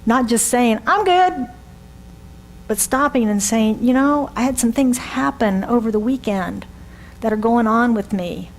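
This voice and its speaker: A woman's voice: on the high side, normal speed, a little hiss or hum, poor audio. A woman in her sixties giving a conversational sermon, often asking the congregation rhetorical questions. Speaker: reverend.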